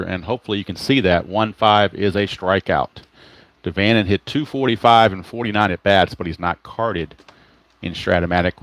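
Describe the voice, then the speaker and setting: A man's voice: low voice, a bit bright, no room sound. A man hosting a tabletop baseball game, calling the plays as he rolls dice and reads player cards, stopping now and then to greet viewers and correct his own slips. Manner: greets live chat viewers mid-game.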